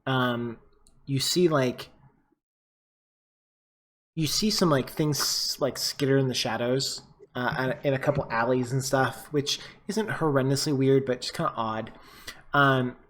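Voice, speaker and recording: A man's voice: mid-range voice, unhurried, long pauses, a bit bright. A man running a tabletop game as game master, describing scenes in a casual, rambling way with many fillers.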